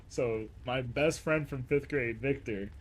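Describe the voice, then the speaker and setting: A man streaming live, telling funny childhood stories in a casual, animated way, laughing often and acting out the people he quotes. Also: medium pitch, husky. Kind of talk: casual storytelling to a live chat.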